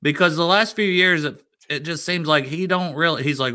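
A man's voice: on the high side, normal speed, bright, forceful tone, clear, resonant tone. A man hosting a casual sports podcast, chatty and wry.

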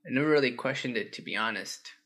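A man's voice: medium pitch, quick pace, fairly bright tone. A man playing a cheeky, smart-mouthed schoolboy in a comedy sketch. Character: cheeky troublemaking schoolboy son.

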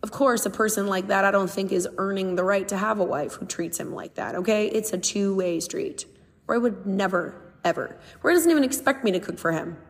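A woman's voice: mid-range voice, a little fast, long reverb tail. A young woman talking casually and candidly on her own podcast, earnest and emphatic. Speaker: podcast host. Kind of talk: casual solo podcast talk.

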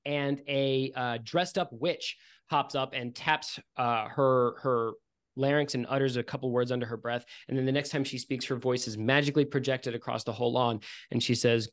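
A man's voice: medium pitch, fairly even intonation, normal speed. A man narrating a tabletop game as game master, in a casual, rambling way full of fillers.

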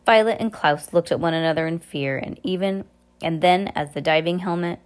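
Woman narrating a chapter aloud, lowish pitch, casual self-corrections. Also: normal speed. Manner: stumbles and corrects herself aloud. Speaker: audiobook reader. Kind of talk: amateur book reading.

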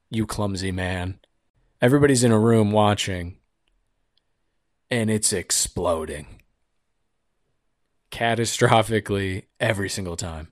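A man's voice: on the low side, no room sound, studio quality. A young man hosting a podcast, riffing on the news in a sarcastic, rambling, jokey way. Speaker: podcast host. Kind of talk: casual comedic podcast monologue.

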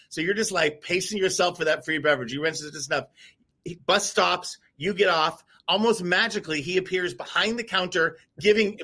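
A man co-hosting a live talk show, telling a long story in a rambling, animated way with many restarts. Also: high-pitched. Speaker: co-host. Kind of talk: casual storytelling chat. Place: before a live audience.

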